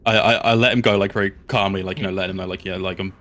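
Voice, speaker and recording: Brief: male player, lowish voice, polite and measured. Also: fairly even intonation, a bit bright. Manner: polite, measured in-character speech. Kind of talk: playing a tabletop game.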